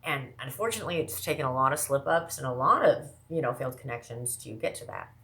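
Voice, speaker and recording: A woman from the American Midwest talking casually to her viewers, rambling fast with lots of asides and self-interruptions. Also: rumbling low, animated, fairly bright tone. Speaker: vlogger. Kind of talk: casual monologue to camera.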